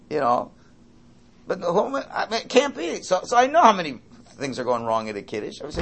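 A man's voice: a little high, sing-song, brisk, creaky, fairly bright tone, slight background noise. A man, a rabbi, teaching an informal Torah class in a rambling, conversational way full of asides and restarts.

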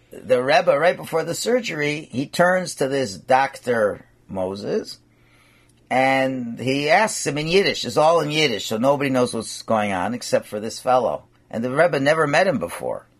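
Gravelly-voiced man telling a story. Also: mid-range voice, a little slow. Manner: animated storytelling sprinkled with Yiddish and Hebrew words. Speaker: rabbi giving a talk. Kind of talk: storytelling sermon.

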